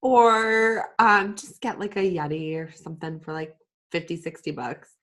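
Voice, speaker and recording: A woman's voice: lowish voice, unhurried, a bit bright. A woman co-hosting a podcast in casual live-stream chat, laughing often and speaking into a USB desk microphone. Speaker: podcast co-host.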